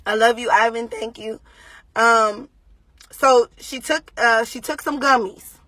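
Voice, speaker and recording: A mother talking to viewers on a live video, shaken and pausing often with ums. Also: a little high, fairly bright tone, no room sound. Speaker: mother giving a livestream update.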